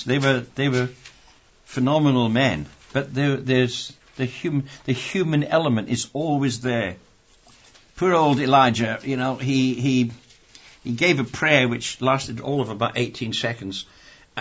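Male preacher, husky, chatty and wry between scripture readings. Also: mid-range voice. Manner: conversational and wry, with many restarts. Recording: dull lo-fi recording.

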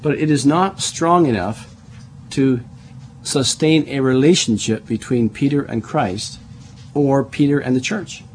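A man's voice: mid-range voice, measured pace, darkish tone, slight background noise. Man teaching a verse-by-verse sermon. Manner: explanatory, repeats and restarts words, spells words out. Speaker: preacher. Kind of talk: Bible study sermon.

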